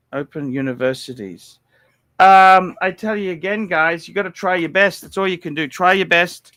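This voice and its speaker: A man hosting a watch livestream, rambling and cursing, repeating himself and swinging between loud outbursts and low mumbles. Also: dry recording. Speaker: livestream host.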